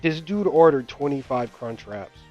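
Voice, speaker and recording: A young man talking casually over a gaming session in a slightly high voice, rambling through stories and laughing often. His audio is dull and lo-fi, with faint game music playing underneath. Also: expressive, moderate pace, darkish tone. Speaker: gamer and channel host. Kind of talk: casual chat while gaming.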